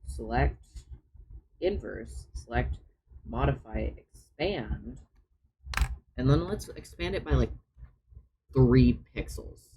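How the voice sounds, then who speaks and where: A man's voice: medium pitch, expressive, slow pace, long pauses, a little mellow, poor audio. A man chatting on a live stream as he draws, often muttering his steps to himself as he works. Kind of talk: casual live-stream chat while drawing.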